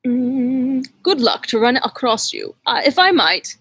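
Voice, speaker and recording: A woman's voice: high voice, sing-song, unhurried, a bit bright, breathy edge, full character voice. A woman reading the part of an anxious, haggard young male French tutor, courteous and hesitant.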